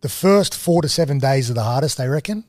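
A man, a guest casually telling stories, animated and full of slang. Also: mid-range voice, fast, no echo, studio quality. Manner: animated, slangy, swings into excited quoting. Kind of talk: casual storytelling.

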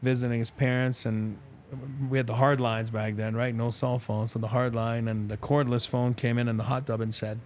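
A man's voice: mid-range voice, moderate pace, slight background noise. Chatty middle-aged man telling stories. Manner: rambling, animated anecdotes with quoted dialogue and laughs. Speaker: former pro hockey player, new team reporter. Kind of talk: casual interview storytelling.

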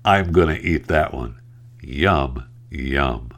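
A man voicing a hungry male cougar that brags about eating chihuahuas, in a slow, smug drawl. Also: rumbling low, animated, fairly bright tone, voice pushed down, exaggerated voice.

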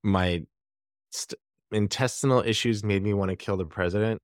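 A man's voice: on the low side, moderate pace, no echo, studio quality. A man, a podcast guest, chatting in a laid-back, wry way with hesitant restarts. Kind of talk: casual podcast chat.

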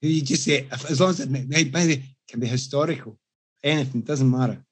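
A Scottish man chatting with friends, spinning lively, self-mocking stories with a husky, breathy voice. His pitch sits in the middle range for a man. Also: fast. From Scotland. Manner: animated anecdotes, self-mocking. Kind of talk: casual chat.

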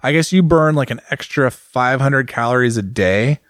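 A man co-hosting a casual podcast chat, joking and telling animated stories. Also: medium pitch, normal speed, no echo, studio quality. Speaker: podcast co-host.

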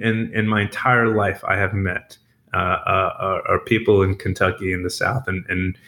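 A chef from New York telling stories in a casual interview, animated and laughing, with frequent restarts. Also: male voice, fairly low pitch.

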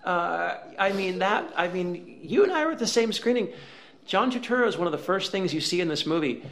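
A man co-hosting a casual film review chat, chatty and amused, often pausing on fillers. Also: high-pitched, expressive, fairly bright tone. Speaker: film critic co-host.

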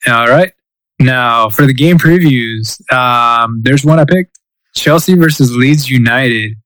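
A man's voice: medium pitch, slow pace, a bit bright, dry recording, low-quality recording. Rambling male sports podcast co-host. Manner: rambling, restarts, joking asides. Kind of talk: casual sports chat.

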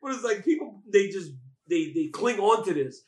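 His voice is high and swings widely in pitch while he talks at a normal speed. Co-hosting a fight show via hotel video call, he jokes and teases in a loose, repetitive way and laughs frequently, all in an echoey space.

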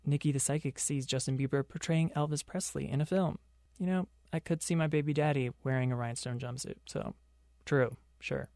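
A man's voice: on the high side, fairly quick, darkish tone, no echo, clean studio sound. A young man hosting a pop culture podcast on his own, delivering sarcastic commentary full of joking asides. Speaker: podcast host.

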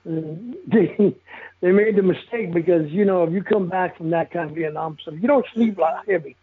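The phone line is tinny as an older guest, his voice high and slightly rough, reminisces at a moderate pace about playing football. In this relaxed storytelling interview he talks bluntly, swears and keeps chuckling.

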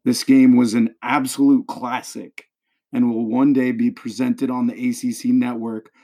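A man's voice: mid-range voice, flat delivery, normal speed, dark tone. A man hosting a sports podcast, talking with enthusiasm and dramatic flair. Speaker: podcast host.

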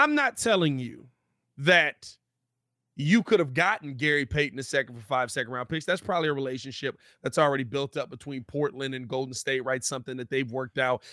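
Animated man riffing on basketball. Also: fairly high pitch, dry recording, studio quality. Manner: animated, emphatic riffing with dramatic pauses. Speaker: sports podcast co-host. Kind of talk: casual sports talk.

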